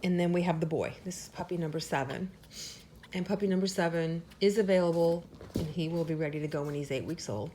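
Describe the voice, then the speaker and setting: Talking fairly quickly in a dark-toned voice, a woman gives a heartfelt home update to camera on the puppies she breeds. There's a little hiss or hum, and she addresses the pups in a high sing-song.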